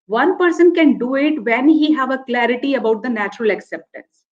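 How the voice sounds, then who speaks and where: A woman's voice: high voice, a little fast. A woman lecturer, telling a story and then explaining her point earnestly, repeating key phrases. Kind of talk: motivational lecture with a told anecdote. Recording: dull lo-fi online lecture audio.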